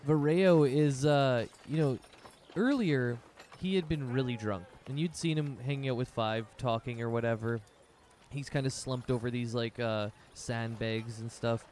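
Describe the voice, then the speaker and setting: A man's voice: mid-range voice, measured pace, a little mellow, a little hiss or hum. A man narrating as game master of a tabletop game, rambling loosely with many fillers.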